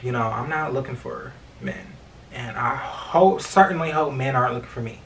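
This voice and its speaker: Expressive young man chatting off-mic. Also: mid-range voice, moderate pace, distant mic, a little hiss or hum. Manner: expressive, swears freely, many fillers. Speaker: vlogger. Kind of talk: casual storytime chat.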